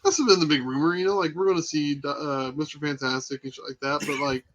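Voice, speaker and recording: A man co-hosting a podcast, laid-back and halting, cursing casually as he talks about a movie. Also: a little high, steady tone, fairly bright tone, highs cut off. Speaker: podcast co-host. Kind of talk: casual movie review chat.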